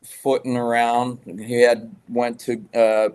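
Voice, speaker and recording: A man's voice: mid-range voice, monotone, takes it slowly, darkish tone, smooth. A man guest telling rambling rock-scene stories in a casual interview, swearing freely. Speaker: guest musician.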